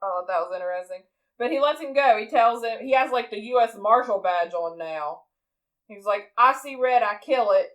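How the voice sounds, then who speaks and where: A woman's voice: mid-range voice, expressive, normal speed, low-quality recording. A woman co-hosting a podcast, casually recapping a movie with frequent laughs. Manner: laughing, chatty retelling of scenes. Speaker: podcast co-host.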